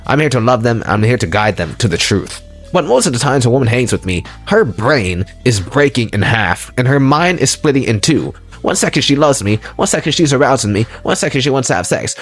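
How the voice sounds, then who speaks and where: A man of middle pitch delivers a motivational dating lecture. He is emphatic and repeats himself, pressing the listener with rhetorical questions. Faint music plays behind him. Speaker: dating and self-help lecturer. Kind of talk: motivational monologue.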